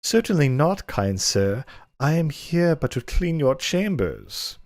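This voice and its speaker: A man's voice: fairly high pitch, very animated, takes it slowly, darkish tone, no echo, pitched above the performer's own voice, heavily acted. A prim, bashful lizard-folk maid, put on by a man in a raised, fluttering voice and read with over-the-top mock innocence. The sound is dry and close, with no room around it. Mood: coy. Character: timid female lizard-folk maid, coy. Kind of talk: comic dramatic reading.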